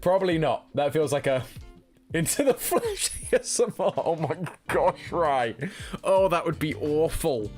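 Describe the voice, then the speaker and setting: A man's voice: a little high, very animated, a little slow, darkish tone, soft background music. Chatty British man on a live stream. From United Kingdom. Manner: chatty, laughs often, reads chat aloud. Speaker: streamer host. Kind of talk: casual live-stream chat.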